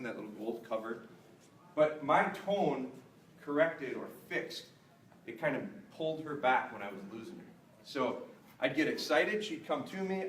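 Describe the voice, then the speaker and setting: A middle-aged man, a dog trainer, giving a live seminar to an audience in a large store hall, chatty and joking. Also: a little hiss or hum. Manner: chatty, joking, jumps to high excited praise voice. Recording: roomy echo, mic at a distance.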